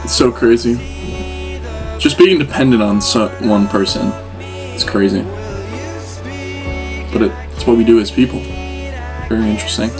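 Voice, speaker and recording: A man's voice: lowish voice, normal speed, long pauses, music in the background. A young man chatting casually as he reacts to an album, rambling and talking straight to the artist as "brother". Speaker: music reaction host. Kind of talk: casual chat.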